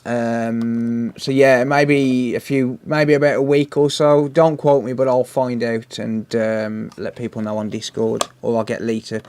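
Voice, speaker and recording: Relaxed British male streamer, casual chat to viewers mid-repair. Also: mid-range voice, unhurried, hardly any pauses, a little hiss or hum. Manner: chatty, answers viewer messages while working, says "mate" often. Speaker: repair livestream host.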